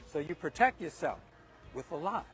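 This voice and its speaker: A man with a high-pitched voice preaches off the cuff in a windy park, hammering each point with repetition. Faint music sits far behind him. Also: expressive, normal speed, a bit bright. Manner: emphatic and repetitive, driving points home. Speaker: speaker giving a moral talk.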